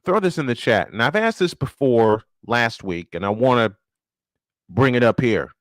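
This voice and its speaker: A man's voice: mid-range voice, animated, normal speed, no room sound, studio quality. A man hosting a casual live-stream sports show, ranting and firing off rhetorical questions, repeating his points for emphasis.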